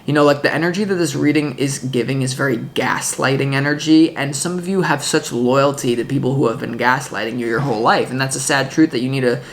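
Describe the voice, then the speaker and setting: Intense tarot reader rambling on, restarts a lot, mid pitch, swears now and then. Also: brisk, hardly any pauses, a little hiss or hum. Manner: swearing, emphatic. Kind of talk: casual tarot reading.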